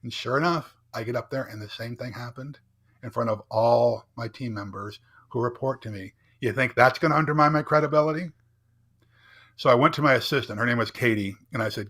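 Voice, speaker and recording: Here the middle-aged business founder and keynote speaker talks briskly in a pushed, bright, mid-range voice. Telling a candid personal tale in a podcast interview, he keeps it earnest and builds up with repeated rhetorical "right?" check-ins.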